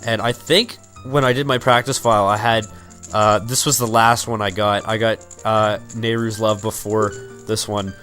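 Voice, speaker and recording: A man's voice: on the low side, steady tone, normal speed, fairly bright tone. Young man rambling over game music. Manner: rambling, crude, full of fillers. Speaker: let's play commentator. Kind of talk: casual gameplay commentary.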